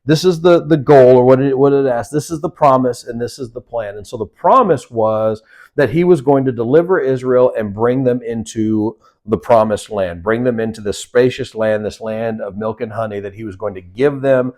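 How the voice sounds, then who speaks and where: A man's voice: medium pitch, darkish tone. A man teaching a Sunday School lesson in a conversational way, with frequent restarts and self-corrections. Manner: conversational, acts out voices in quotes, halting restarts. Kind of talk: Bible study lesson.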